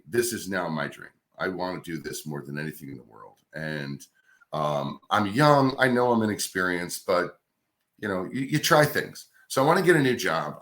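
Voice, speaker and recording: Deep-voiced man telling radio stories. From New York's Capital Region. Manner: deep resonant radio voice, relaxed and chatty. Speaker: radio host, guest. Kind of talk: casual interview storytelling.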